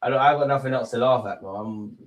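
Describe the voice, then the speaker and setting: A man's voice: mid-range voice, quick pace. Chatty man streaming a watch-along. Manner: chatty, loose banter with chat, slangy. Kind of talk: casual live watch-along chat.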